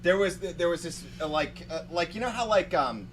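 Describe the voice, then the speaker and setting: A man's voice: sits high, lively intonation, fairly quick, a little hiss or hum, low-quality recording. A man hosting a casual talk show, telling a story in a rambling way with lots of fillers and laughs. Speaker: podcast host. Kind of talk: casual chat.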